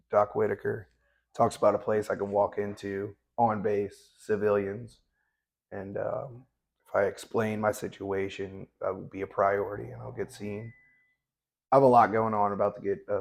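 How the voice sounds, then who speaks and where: A man's voice: fairly low pitch, vocal fry. A man in his thirties, a veteran Navy corpsman, telling his story bluntly and matter-of-factly, with frequent restarts. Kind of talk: candid conversational storytelling.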